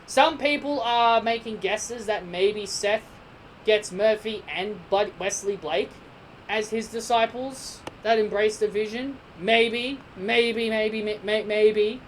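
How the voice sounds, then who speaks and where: A woman's voice: medium pitch, slow, low-quality recording. Woman reviewer, casual solo talk, rambling and opinionated, stumbles and restarts often, faint hiss behind her. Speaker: wrestling show reviewer.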